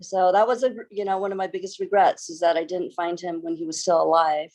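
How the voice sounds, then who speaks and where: A woman's voice: lowish voice, steady tone, brisk, darkish tone. A woman author answering interview questions in an earnest, reflective way, with some hesitant restarts. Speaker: author, guest.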